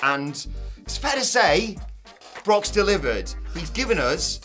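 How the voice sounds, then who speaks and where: A man co-hosting a casual podcast, chatty, giving shout-outs to fans. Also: high voice, very animated, slow pace, soft background music. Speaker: co-host.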